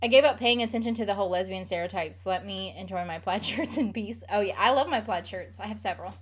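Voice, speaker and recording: A woman's voice: mid-range voice, fast talker, husky. Rambling young woman, casual chat. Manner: rambling, filler-heavy, frequent "like". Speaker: streamer answering chat questions.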